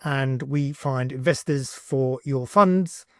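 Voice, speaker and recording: A man hosting a software tutorial, talking casually and thinking aloud with fillers as he builds something on screen. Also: medium pitch, slow, dry recording, clean studio sound. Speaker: tutorial host, agency owner.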